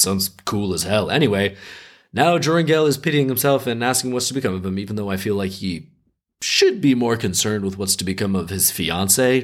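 A man hosting a podcast, reading a folk tale aloud and breaking off for sarcastic, profane, exasperated commentary. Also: on the low side. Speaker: podcast host.

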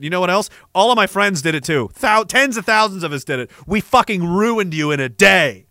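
A man delivering a sarcastic, profane satirical rant as an online commentator, slipping into a mock bank-salesman pitch. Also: lively intonation, brisk, few pauses, sharp tone, no room sound, studio quality. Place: Canada.

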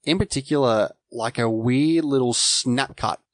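A man's voice: mid-range voice, measured pace, no room sound. Laid-back man chatting about a film. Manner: relaxed, hesitant restarts. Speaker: podcast co-host. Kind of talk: casual film review chat.

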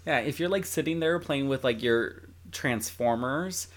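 A woman's voice: extremely low pitch, a little slow. A young woman co-hosting a casual podcast, chiming in with wry comments full of "like.". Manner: wry, filler-heavy commentary. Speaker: podcast co-host. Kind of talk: casual chat.

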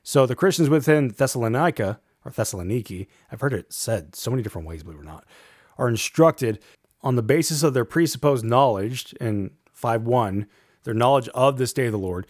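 A man's voice: mid-range voice, a little mellow, no echo. Man teaching scripture, dry close sound. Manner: measured, reads quotes aloud, fillers like um and right. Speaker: Bible teacher. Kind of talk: lecture on a scripture passage.

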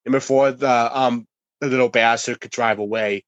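A man's voice: mid-range voice, normal speed, dry recording, lo-fi sound. A man telling a wild story on a casual podcast, with lots of fillers and cursing. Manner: animated anecdote-telling, heavy filler and swearing.

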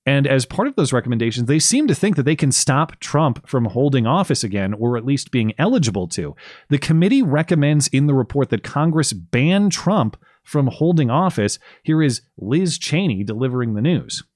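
A male podcast host delivering political commentary in a casual, sarcastic way. His voice sits at an ordinary middle pitch. The recording is dry and close, with no room sound. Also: expressive, moderate pace, darkish tone, no echo.

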